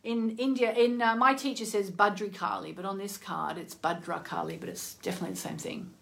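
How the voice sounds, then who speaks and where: A woman hosting a casual live-stream card reading, chatty and effusive, reacting emotionally aloud and drifting between soft near-whispers and excited exclamations. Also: mid-range voice, a little fast, gravelly. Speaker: oracle card reader and host.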